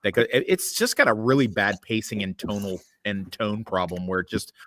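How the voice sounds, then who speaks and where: A man with a lowish voice hosts a loose podcast chat over a remote call. He rambles, swears a lot and gives his opinions bluntly. The sound is close and dry, with no room around it. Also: a little fast, fairly bright tone, dry recording. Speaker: podcast host. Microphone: remote call mic.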